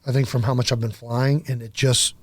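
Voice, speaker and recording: Man, medium pitch, teasing podcast co-host, asks lots of questions, dry close mic. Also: flat delivery, brisk, breathy edge, no room sound. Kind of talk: casual podcast chat.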